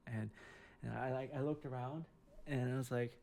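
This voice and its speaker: A middle-aged man, a surgeon, telling a personal story in a casual, halting way with many fillers and restarts. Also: mid-range voice, steady tone, creaky, warm tone.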